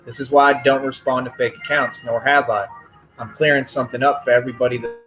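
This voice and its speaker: A man of middle pitch lectures his stream chat, firm and confrontational, and he circles back to the same points. The sound is dull and lo-fi. Faint music plays underneath. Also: steady tone, fast talker. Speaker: livestream host. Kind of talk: live stream rant to chat.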